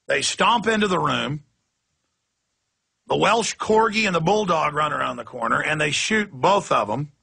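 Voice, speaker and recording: A man's voice: a little high, animated, normal speed, gravelly, bright, forceful tone, breathy edge. A man hosting a radio talk show, delivering an impassioned, ranting monologue and acting out quoted voices.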